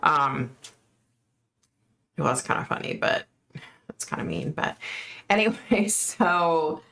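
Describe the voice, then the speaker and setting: Woman host, low gravelly voice, chatty storyteller who mimics the people she quotes. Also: expressive, takes it slowly, pushed and bright. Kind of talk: casual storytelling.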